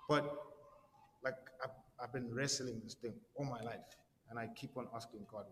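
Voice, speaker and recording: A man preaches in a loose, street-casual way, tossing in slang and checking in with "right?" after nearly every point. His voice sits at an ordinary middle pitch. It carries a long reverb tail and a faint hiss underneath. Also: fairly even intonation, moderate pace, fairly bright tone. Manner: conversational and slangy, constant "right?" tags, stammered repeats. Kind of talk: casual sermon.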